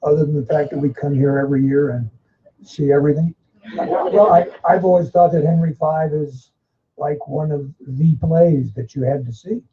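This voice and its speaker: A man's voice: a little high, fairly even intonation, normal speed. A man in the audience asking a question at a seminar, chatty and hesitant. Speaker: audience member. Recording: muffled live recording.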